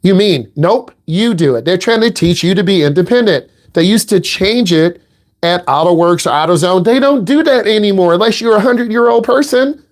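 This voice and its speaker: High-pitched and expressive, a middle-aged man from the American Midwest speaks a little fast during a driving lesson. He instructs casually and directly, with a blunt, teasing edge.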